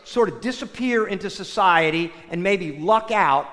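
Man, sermon, high voice, very animated, booming church hall reverb. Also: moderate pace. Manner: animated storytelling, swings loud and soft. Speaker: priest.

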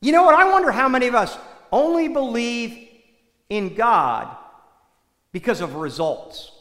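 Animated, high-voiced preacher in an echoey hall. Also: male voice, measured pace. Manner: conversational, asks the listeners rhetorical questions. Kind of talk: conversational sermon. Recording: echoey hall with long reverb.

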